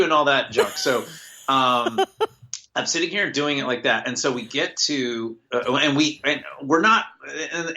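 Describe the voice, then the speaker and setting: A bright, forceful American man tells a rambling story as a podcast guest. His pitch sits at a middle level for a man. He is chatty and self-deprecating and laughs now and then. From United States. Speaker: guest, TV writer. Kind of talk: casual podcast interview.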